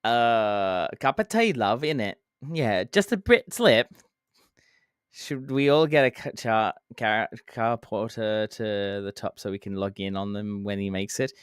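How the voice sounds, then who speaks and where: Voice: mid-range voice, unhurried, clear, resonant tone, dry recording, clean studio sound. A game streamer chatting casually while playing, answering chat, counting down jumps and making playful sound effects.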